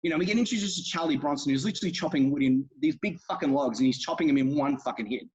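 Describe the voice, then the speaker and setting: A man's voice: fairly high pitch, racing, husky. A man co-hosting a podcast, retelling film scenes in a rambling, profane, enthusiastic way. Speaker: podcast co-host. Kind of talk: casual film chat. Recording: dull lo-fi sound.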